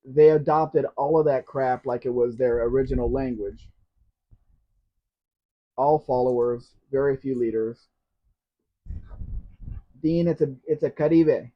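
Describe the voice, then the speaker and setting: A man's voice: medium pitch, unhurried, pauses often. A man hosting a casual live question-and-answer stream, blunt and teasing, with opinionated asides. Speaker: livestream host. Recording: dull lo-fi stream audio.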